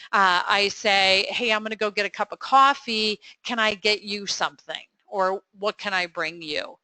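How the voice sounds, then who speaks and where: A middle-aged woman hosts a live coaching webinar Q&A, upbeat and encouraging, with quick affirmations and frequent fillers. Her medium-pitched voice is pushed and bright, with no room sound.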